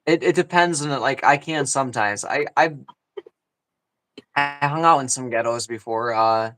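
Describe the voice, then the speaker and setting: A man's voice: mid-range voice, moderate pace. A man co-hosting a casual podcast chat, rambling and repeating himself with lots of fillers. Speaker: podcast co-host.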